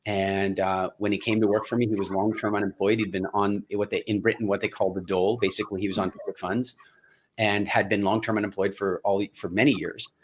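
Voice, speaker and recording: A middle-aged man with a North American accent telling a story as a podcast guest, quick and full of restarts and acted-out dialogue. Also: fairly low pitch, little pitch movement. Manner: fast, restarts phrases, acts out dialogue. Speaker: guest entrepreneur. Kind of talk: animated storytelling in a podcast interview.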